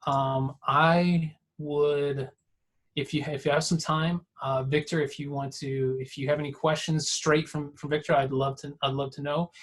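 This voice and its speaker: A man, giving a heartfelt personal talk over a video call, emotional and repetitive, swinging from hushed to excited. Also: on the high side, a little slow. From Atlanta area, US.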